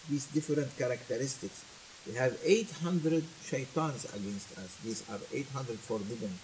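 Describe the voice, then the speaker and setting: A man's voice: medium pitch, moderate pace, a little mellow, poor audio. Male teacher giving a sermon, faint hiss. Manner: switches between languages, teaching with repetition and questions to listeners. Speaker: religious teacher. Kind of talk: sermon with translation.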